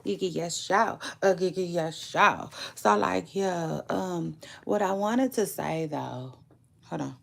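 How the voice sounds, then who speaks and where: Woman, 30s, casual livestream chat, rambling, fry in the voice. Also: on the low side, fairly bright tone. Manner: rambling, drawn-out, repeats phrases; slow, gravelly, laid-back delivery. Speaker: livestream vlogger.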